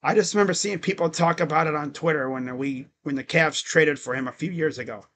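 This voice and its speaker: A man doing casual live play-by-play and reaction on a stream, rambling between plays and getting louder and quicker when the action picks up. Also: fairly high pitch. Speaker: livestream sports commentator.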